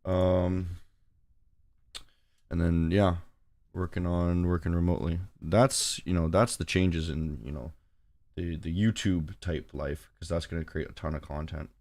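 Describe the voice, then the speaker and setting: With a low, darkish voice and a steady tone, this man speaks at a measured pace. He's a forex trader hosting a livestream, joking around and chatting informally in simple, broken-up phrases.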